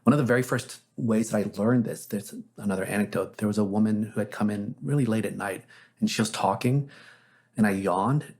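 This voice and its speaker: Gravelly, husky-voiced male therapist. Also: lowish voice, fairly quick, a little mellow. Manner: casual, frequent "like" fillers, reflective anecdotes. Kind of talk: interview guest, storytelling.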